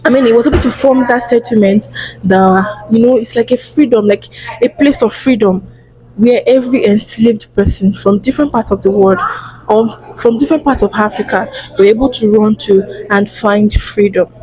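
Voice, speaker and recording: A young Nigerian woman vlogger with a Nigerian accent, explaining in a hushed, lowered voice with chatty restarts and asides. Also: moderate pace, breathy edge, poor audio. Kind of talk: casual explainer vlog.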